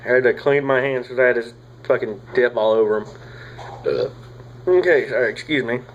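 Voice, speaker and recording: A young man, rambling casually through a product review, swearing often and filling pauses with "uh" and "like.". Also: medium pitch, dull audio, slight background noise. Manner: rambling, profane, drawling with frequent fillers. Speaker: tobacco reviewer.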